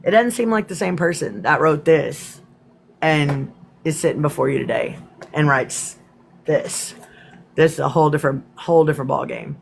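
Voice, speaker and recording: A woman hosting a casual livestream, greeting commenters by name and swearing freely, her voice slightly hoarse. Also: low-pitched, moderate pace, slight background noise. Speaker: livestream host. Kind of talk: casual livestream chat and reading her own poems.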